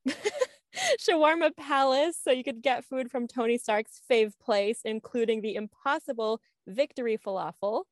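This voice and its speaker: A woman's voice: a little high, expressive, measured pace, dry recording, studio quality. A woman co-hosting a casual chat show, reading news items with bubbly, giggly enthusiasm. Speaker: podcast co-host.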